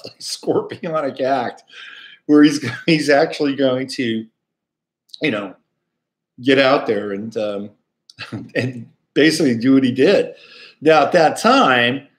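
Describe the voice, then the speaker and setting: A man's voice: mid-range voice, measured pace. A man hosting a casual astrology talk, speaking in a rambling, conversational way full of fillers. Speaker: astrologer host.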